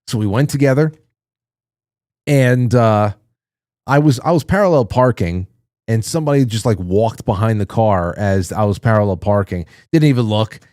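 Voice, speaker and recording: Brief: middle-aged male host, loose profane banter, mellow tone, dry close sound. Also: on the low side, normal speed, no echo. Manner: loose, profane, joking, mock-prim voices. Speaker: talk show host. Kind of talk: casual chat reading listener comments.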